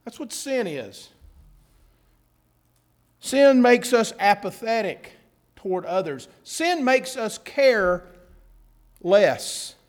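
A man with a strikingly high voice preaching a sermon. He leans on key words, slows down to stress them and repeats phrases for weight, then slips into relaxed, chatty asides. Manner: earnest, with drawn-out emphasis and repeated phrases; informal asides with a self-correcting laugh. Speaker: pastor.

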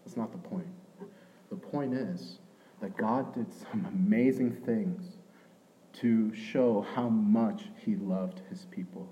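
A young pastor preaches conversationally, swelling to loud emphasis and falling to hushed asides, often asking "right?". His voice is lowish and slow, and the recording has its highs cut off.

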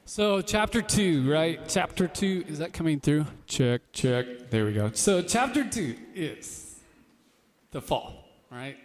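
A man gives a relaxed, conversational sermon, full of fillers and restarts and a self-deprecating humor. His voice sits somewhat high for a man. The sound carries a long hall reverb. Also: slow pace. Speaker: pastor.

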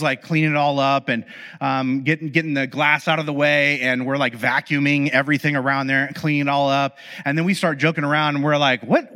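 A man telling a personal story in a casual, animated, conversational way, often saying "like". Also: a little high, in a large hall. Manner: conversational and animated, heavy use of "like". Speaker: speaker sharing personal stories.

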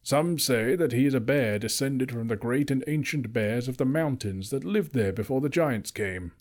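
A man's voice: medium pitch, normal speed, darkish tone, close to an everyday voice. A man reading aloud, voicing an old male wizard who lectures emphatically and turns cross easily. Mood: stern.

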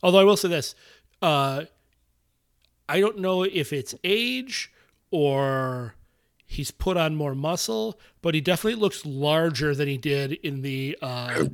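A man with a voice pitched a bit high chats casually as a podcast co-host. He rambles, cracks jokes and swears casually while talking through a list. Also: a little slow. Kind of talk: casual chat.

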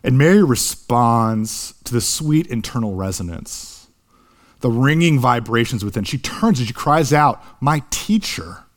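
A young man preaching a sermon in an earnest way, slowing down on key words and rising at the high points. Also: expressive. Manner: earnest, slows for emphasis, rises in pitch at high points. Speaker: pastor.

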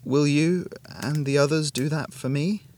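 A man's voice: fairly high pitch, measured pace, darkish tone, pitched above the performer's own voice. A man voicing a frail, dying young woman who speaks in a strained, wheezing, pleading way.

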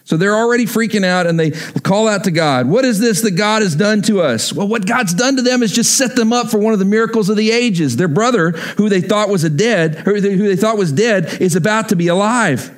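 Male pastor, high voice, emphatic sermon delivery that repeats key points. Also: brisk, hardly any pauses.

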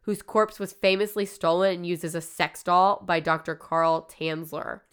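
A woman with a lower-pitched voice hosts a podcast, chatting casually. She retells stories loosely, swearing freely and leaning on "like". Her tone comes through smooth and clear. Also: steady tone, moderate pace, fairly bright tone. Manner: loose, profane, lots of "like". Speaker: podcast host. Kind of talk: casual chat, retelling a story.

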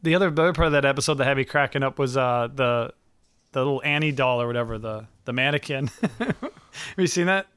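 A man in casual chat, telling animated stories, laughing often and swearing freely. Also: mid-range voice, fast talker, clean tone, no room sound, clean studio sound.

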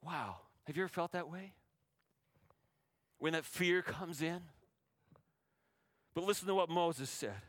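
A man's voice: fairly high pitch, measured pace, pauses often, dry recording. A man preaching a sermon, asking the congregation rhetorical questions and acting out biblical speakers in a raised voice. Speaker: pastor.

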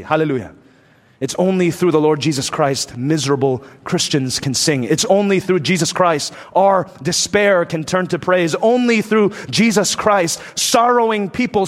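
A man preaching a sermon emphatically, letting his voice rise and fall for emphasis. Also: high-pitched. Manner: emphatic preaching, rising and dropping for effect. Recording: long reverb from a large hall.

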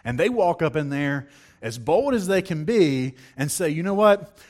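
A man gives a sermon in a slightly high, conversational voice, reading scripture and then acting out the scenes in his own words. He turns to the congregation with questions as he goes. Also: normal speed. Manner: lively, conversational, acts out quotes; reads scripture aloud. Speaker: preacher.

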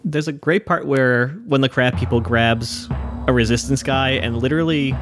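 A man's voice: mid-range voice, normal speed, music in the background. A man co-hosting a casual chat, laughing often and swearing freely. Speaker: podcast co-host.

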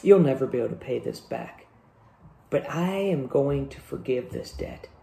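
Brisk, stern parable king, put on by a male preacher; mellow, gravelly, roomy sound. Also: medium pitch, expressive, slight background noise, pitched below the performer's own voice. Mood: magnanimous. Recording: echoey room.

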